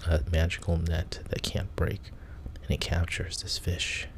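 A man hosting a sleep show, telling a bedtime story in a soft, half-whispered, meandering way. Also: sits low, flat delivery. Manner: meandering and unhurried, with casual restarts.

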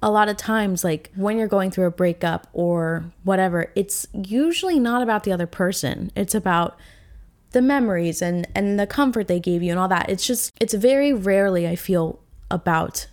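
A woman's voice: medium pitch, moderate pace, darkish tone. Young woman, solo podcast host, candid, reflective, rambling with fillers. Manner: emotional and reflective. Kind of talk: casual solo podcast monologue.

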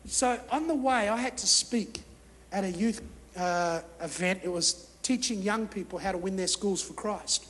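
A middle-aged man preaching a storytelling sermon, animated and acting out his own thoughts. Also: sits high, normal speed. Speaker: guest pastor. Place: church hall. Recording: live reverberant hall, faint noise.

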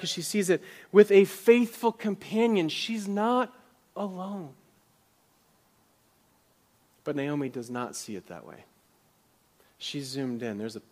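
Impassioned male pastor preaching. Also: on the high side. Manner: dramatic, voices biblical characters' words with rising intensity; drops to a soft whisper at tender moments. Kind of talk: sermon. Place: church.

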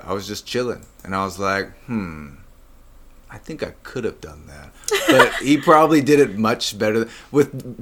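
A man's voice: fairly low pitch, fairly bright tone. A man in casual chat as an actor guest, a laid-back storyteller who acts out quoted lines and laughs often.

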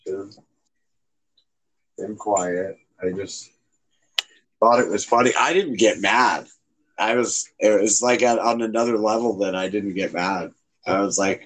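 A man's voice: lowish voice, unhurried, long pauses, a bit bright, rough recording. A man rambling in casual family chat, laughing often and filling his talk with fillers.

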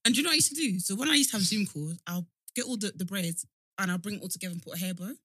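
A woman co-hosting a chatty podcast, teasing her friend and laughing often. Her voice is bright and a little husky, with pitch that swings widely. The sound is dry and close. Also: racing, no echo. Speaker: podcast co-host. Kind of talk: casual chat.

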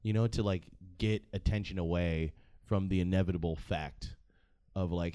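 Man, vlog host, low voice, dry close sound, swearing, joking rambling commentary. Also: steady tone, normal speed, mellow, smooth, no room sound. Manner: profane, joking and rambling with frequent laughs. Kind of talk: casual comedic commentary.

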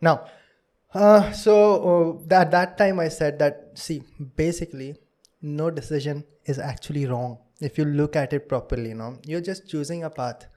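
A man's voice: a little high, moderate pace, darkish tone. A young man with an Indian English accent, hosting a casual podcast chat, rambling and laughing often. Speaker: podcast host.

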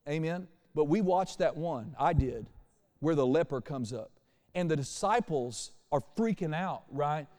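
Animated male preacher in a reverberant hall. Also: on the high side, unhurried. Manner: animated preacher, shifts from quiet to loud. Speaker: pastor. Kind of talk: sermon. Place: church sanctuary.

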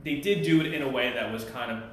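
A man's voice: mid-range voice, quick pace, a bit bright, a little hiss or hum. A man co-hosting a casual podcast, recapping a TV episode in a rambling way and acting out the characters' lines. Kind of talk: casual chat. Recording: very echoey room.

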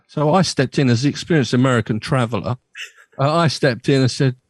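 Husky middle-aged man, rambling radio host, dry close sound. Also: mid-range voice, fairly quick, dry recording. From Bristol, England. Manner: rambling storyteller, many restarts. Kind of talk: casual chat on a remote call.

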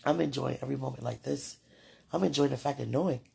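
Gravelly, husky-voiced woman. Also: very deep voice, quick pace, darkish tone. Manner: chatty, laughs often, talks straight to the listener. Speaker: podcast host. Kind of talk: casual monologue addressed to a partner.

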